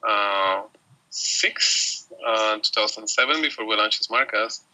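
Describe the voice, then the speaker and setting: Man, guest, measured explaining, very bright tone, dry recording. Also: on the low side, no echo, poor audio. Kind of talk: casual chat.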